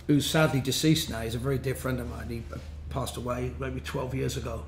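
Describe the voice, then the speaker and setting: A man's voice: medium pitch, steady tone, fairly quick. A man telling rambling, laughing stories with many restarts. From London. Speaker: musician, interview guest. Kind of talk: casual anecdotal storytelling. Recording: roomy with faint background noise.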